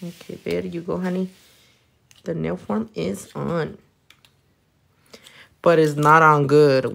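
A woman with a Californian accent and a slightly low voice talks her viewers through her work. She is playful and loose, swearing often and slipping in Spanish words. She chats casually while she works. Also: steady tone, slow pace, gravelly, long pauses. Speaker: nail technician. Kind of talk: casual chat while working, reading comments.

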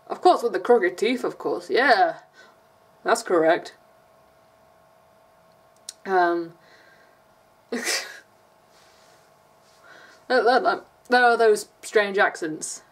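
English woman, rambling vlogger, higher voice, unhurried chat. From England. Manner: chatty, rambling, laughs often. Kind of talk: casual vlog chat.

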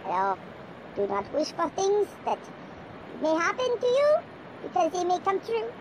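A performer putting on a lower, slow, formal voice for a creature who gives a warning. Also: wildly swooping pitch, heavily acted. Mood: solemn. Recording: noisy home video recording.

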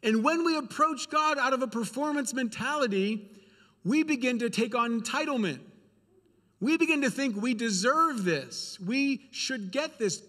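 A man's voice: very high voice, lively intonation, moderate pace, pushed and bright, long reverb tail. A male preacher giving a sermon in a church, speaking earnestly and repeating phrases for emphasis.

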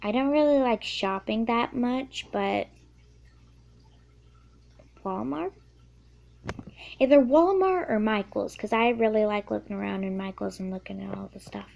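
Slow, chatty high-voiced girl. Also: vocal fry, a little mellow, lo-fi sound. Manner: chatty, rambling, with many ums. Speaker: YouTuber answering questions. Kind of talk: casual Q&A vlog.

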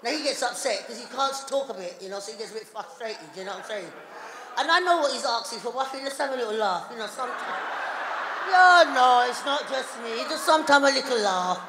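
A middle-aged woman doing a live stand-up routine, loud and chatty with the crowd. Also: on the high side, animated, fast. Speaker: stand-up comedian. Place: large hall on stage before a live audience. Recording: echoey hall, live audience noise.

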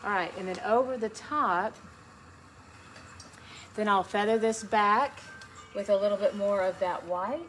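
A woman's voice: mid-range voice, a little slow, pauses often, a bit bright, soft background music. Chatty woman teaching a painting class. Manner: chatty and encouraging, talking while she paints. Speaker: painting instructor. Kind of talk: relaxed step-by-step painting tutorial. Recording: noticeable background noise.

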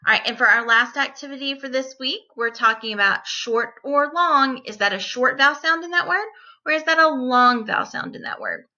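A woman teacher giving a distance-learning phonics lesson to young children, repeating each word and sounding it out deliberately. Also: sits high, pushed and bright, muffled recording.

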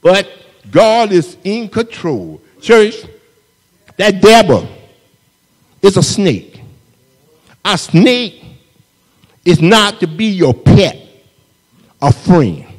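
Male preacher, high voice, unhurried sermon cadence, constant call-outs to the congregation. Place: church sanctuary. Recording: long hall reverb in a church.

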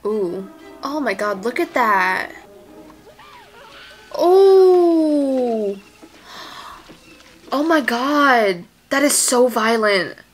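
A woman's voice: on the high side, lively intonation, slow, a bit bright, faint music behind. A woman giving casual commentary as she reacts to a movie, exclaiming and gasping at the screen, anxious and near tears for the characters.

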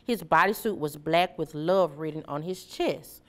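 A woman reading a children's story aloud in a clear, measured way. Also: sits low. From Memphis area, USA. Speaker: storybook reader.

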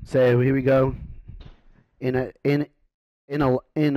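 A man doing casual, excitable commentary on an online game match, with loud exclamations at big plays. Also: medium pitch, slow, pauses often, no room sound.

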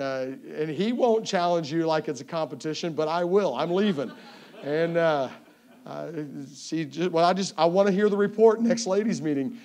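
With a voice on the high side and a darkish tone, a Southern-accented Tennessee man introduces his sermon as a guest evangelist in a church sanctuary. His folksy, joking delivery frequently stumbles and restarts.

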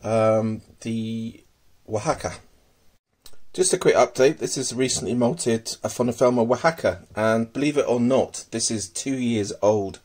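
Bloke rambling about his pets at home, lots of ums, mumbles softly to them, mid pitch. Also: a little slow. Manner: hesitant, many ums, murmurs fondly to his pets. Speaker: tarantula keeper. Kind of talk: casual hobby video.

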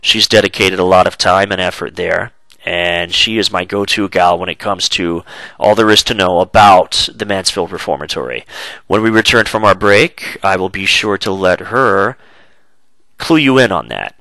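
Man, congested, web radio host, casual chat, bright tone, dry sound. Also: low voice, no echo, low-quality recording. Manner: chatty, loose, with many filler pauses.

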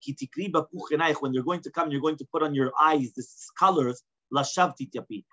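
A man leads a casual Talmud class. His voice sits fairly high and sounds husky. He reads a line of Aramaic, then explains it in English with a steady run of "right?". The recording is dull and lo-fi. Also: fairly quick. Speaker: rabbi teaching Talmud.

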